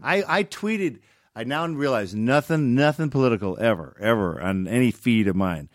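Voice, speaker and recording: A man in his fifties, a podcast guest, chatting casually and telling stories with lively energy, slipping into voices now and then. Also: mid-range voice, normal speed, no echo, clean studio sound. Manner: animated storyteller who slips into voices.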